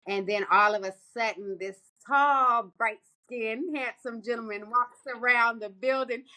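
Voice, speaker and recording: Bright-voiced animated woman telling a story. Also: a little slow. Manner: animated, laughs often, voice jumps high for quoted people. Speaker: podcast co-host. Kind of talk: casual storytelling chat.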